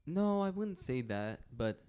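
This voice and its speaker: A man's voice: on the high side, big pitch swings, unhurried, darkish tone, clear, resonant tone. A man co-hosting a podcast, joking in a laid-back way and often restarting his sentences. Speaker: podcast co-host. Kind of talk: casual chat.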